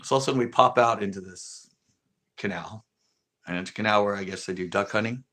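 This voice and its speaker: This fisherman from California talks fast in a fairly low, sharp voice. Streaming live, he meanders through a fishing tale and performs the quoted lines of others.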